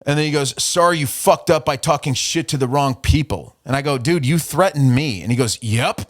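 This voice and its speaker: A man's voice: mid-range voice, brisk. A man hosting a podcast, ranting profanely and mockingly while reading out an argument from his messages. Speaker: podcast host. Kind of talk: casual podcast rant.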